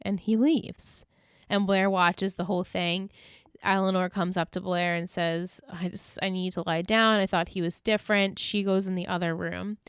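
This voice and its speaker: A woman's voice: on the low side, level tone, normal speed, clear, resonant tone, dry recording. A woman co-hosting a podcast, retelling episode scenes in casual chat, laughing often and acting out the characters' lines. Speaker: podcast co-host.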